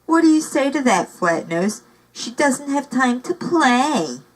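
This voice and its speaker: A woman reading aloud and voicing a menacing male villain who speaks softly and scornfully. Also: high-pitched, very animated, measured pace, voice pushed up, exaggerated voice, rough recording.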